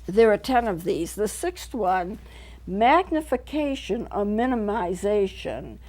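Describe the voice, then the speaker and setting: A woman's voice: mid-range voice, sing-song, takes it slowly, a little mellow. A middle-aged woman counselor hosting a local TV talk show, explaining points earnestly in a studio and repeating them for clarity. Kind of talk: teaching talk to camera.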